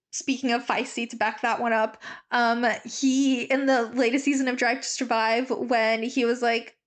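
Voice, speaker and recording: A woman hosts a podcast in loose, casual chat. Her voice sits a little high, and she gushes freely, sprinkling "like" through nearly every sentence. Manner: chatty, gushing, full of "like" fillers. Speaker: podcast host.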